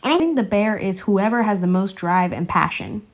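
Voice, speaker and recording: Young woman rambling about a tv show, chatty slangy, mid pitch, keeps going off on tangents. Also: a little fast. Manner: chatty, slangy, addresses viewers directly. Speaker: YouTuber reviewing a TV show. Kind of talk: casual TV show analysis.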